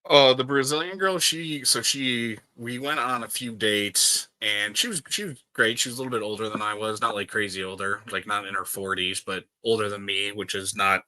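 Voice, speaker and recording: A man's voice: lowish voice, fairly even intonation, normal speed, few pauses, pushed and bright, dry recording, low-quality recording. A young man from the States chatting casually, rambling with lots of fillers and restarts. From United States. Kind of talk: casual chat.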